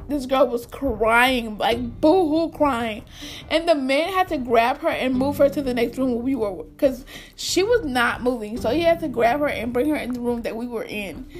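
A young adult woman telling a story to her viewers, animated and laughing often. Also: sits high. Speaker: vlogger. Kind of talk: storytime vlog.

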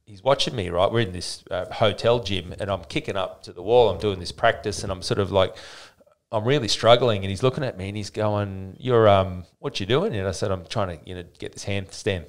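A deep-voiced man in his forties, chatting as a podcast guest. He tells stories in a rambling, lively way, restarting his sentences often. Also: brisk. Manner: rambling, animated storyteller with frequent restarts. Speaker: podcast guest, fitness business owner. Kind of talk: casual interview storytelling.

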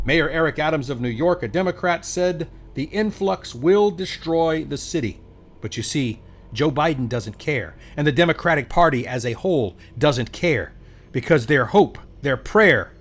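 A man hosting a political commentary monologue, scornful and emphatic, repeating words for effect. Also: fairly high pitch.

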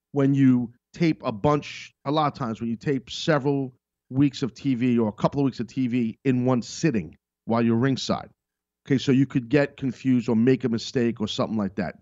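A middle-aged man hosting a podcast in a rambling, emphatic monologue, hammering points home by repeating them. His voice sits at an ordinary pitch. The recording is dry and somewhat dull. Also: darkish tone, dry recording. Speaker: podcast host. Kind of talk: casual monologue.

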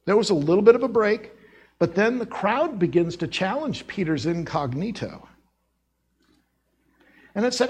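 Animated, husky-voiced Midwest preacher. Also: male voice, sits high. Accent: American Midwest. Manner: animated storytelling, acting out voices and accents. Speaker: pastor. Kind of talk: sermon. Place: church sanctuary.

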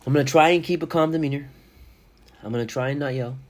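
A man's voice: medium pitch, fast talker, darkish tone. A man hosting a casual solo podcast, rambling and joking with frequent swearing. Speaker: podcast host.

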